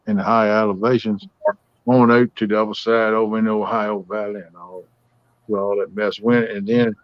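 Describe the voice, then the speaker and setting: A man's voice: fairly low pitch, dry recording, muffled recording. Folksy man telling stories. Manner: folksy, drawling storyteller. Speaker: livestream host. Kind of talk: casual storytelling chat.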